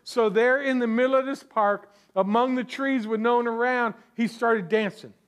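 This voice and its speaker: A man's voice: very high-pitched, steady tone, moderate pace, fairly bright tone, clear, resonant tone. A man preaching a sermon as pastor, conversational, with restarts and asides to the congregation.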